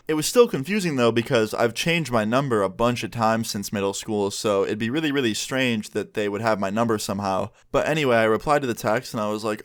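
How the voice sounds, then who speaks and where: A young man telling a casual storytime on his vlog, chatty and animated as he reads out text messages. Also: mid-range voice, brisk, smooth. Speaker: vlogger.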